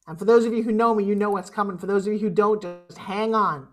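A woman's voice: medium pitch, fairly even intonation, racing, faint music behind. A woman giving a motivational keynote, speaking with emphasis and rousing the audience. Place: online summit.

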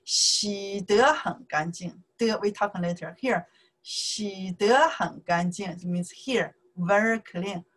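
Slow husky woman teaching Chinese. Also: medium pitch, fairly bright tone, poor audio. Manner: slow, repeats words, says okay often. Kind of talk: informal language lesson.

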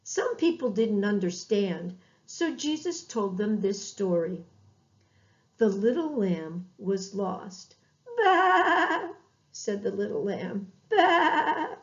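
A woman reading a children's Bible story for Sunday school, expressive and drawn out, with bleated lamb sounds. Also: medium pitch, slow. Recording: dull lo-fi recording.

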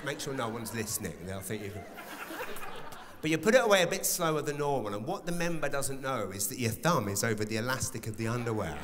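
Animated man doing stand-up. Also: medium pitch, quick pace, background noise. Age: 40s. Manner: animated, building to loud exclamations. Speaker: stand-up comedian. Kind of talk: live stand-up comedy. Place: large theatre stage. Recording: reverberant live theatre with audience.

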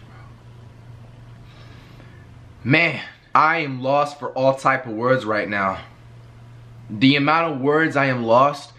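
A man's voice: mid-range voice, sharp tone. A man hosting a reaction video, talking casually and reflectively with many fillers. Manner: fillers like "you know what I'm saying", reflective. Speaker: reaction channel host.

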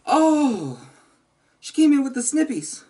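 A man's voice: very high voice, very animated, takes it slowly. A man commentating a horror game he is playing, talking back to the monsters and yelping when startled, speaking into a headset at his home setup. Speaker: gaming channel host. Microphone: gaming headset. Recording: loud background noise.

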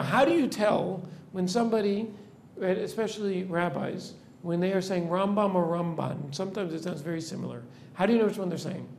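A rabbi in a classroom, a man with a high, gravelly voice, lecturing students. He explains patiently, tosses questions to the class and keeps checking they follow with a quick "right?". Faint hiss sits under the recording. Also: darkish tone. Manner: explanatory, tags "right?" onto nearly every point. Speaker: rabbi teaching a seminary class.

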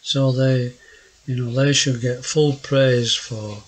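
Older South Yorkshire man, husky and unhurried, rambling vlog narrator who trips over his words. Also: medium pitch, fairly even intonation, poor audio. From South Yorkshire, England. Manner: hesitant, many fillers and restarts; gruff-sounding. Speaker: naturalist vlogger.

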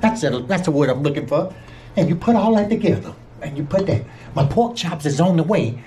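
A man's voice: a little high, expressive, a little fast, mellow, a little hiss or hum. An older man from Georgia, hosting a casual cooking vlog in a folksy, playful way and talking straight to his viewers. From Georgia, USA. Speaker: home cook and channel host.

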